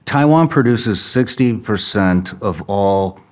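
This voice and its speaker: Very deep-voiced male interview host. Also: animated, a little mellow. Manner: earnest, slightly halting questions. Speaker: podcast host. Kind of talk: interview introduction and questions.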